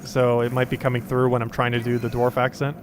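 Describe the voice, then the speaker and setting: Man, twenties, New Jersey accent, live game commentary, casual, middle pitch, faint hiss. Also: monotone, fast talker. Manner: casual, self-chatting. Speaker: game streamer.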